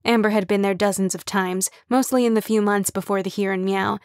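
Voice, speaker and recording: A woman narrating an audiobook with even, wry storytelling on a close studio mic. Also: mid-range voice, a little fast, no room sound. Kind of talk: scripted narration.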